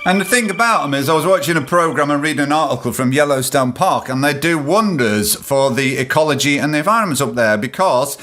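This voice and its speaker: A man's voice: a little high, expressive, brisk, hardly any pauses, bright, forceful tone, soft background music. A man hosting a solo podcast, ranting sarcastically and swearing as he rambles between points. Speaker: podcast host.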